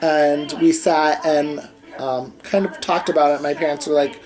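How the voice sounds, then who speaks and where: A man's voice: fairly high pitch, fairly even intonation, a little slow, a little mellow, poor audio. Rambling young man telling a personal story. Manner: rambling, many fillers and "like"s. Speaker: vlogger. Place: home bedroom with a TV on.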